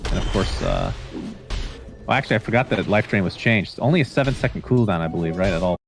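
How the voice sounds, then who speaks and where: A man doing play-by-play esports commentary, calling fights quickly and joking with his co-caster. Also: lowish voice, faint music behind. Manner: excitable, joking, quick calls.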